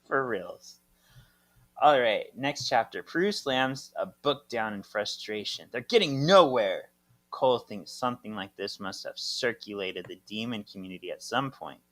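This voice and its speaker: A man's voice: lowish voice, normal speed, few pauses, fairly bright tone. A man co-hosting a casual podcast, reading out chapter summaries with dry asides and laughs. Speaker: podcast co-host.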